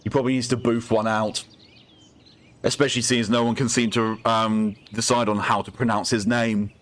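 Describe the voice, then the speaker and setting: A man's voice: mid-range voice, flat delivery, normal speed, a bit bright. A man streaming a game, chatting casually and telling corny jokes. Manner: jokey, chatty, laughs at his own puns. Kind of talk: casual gameplay commentary.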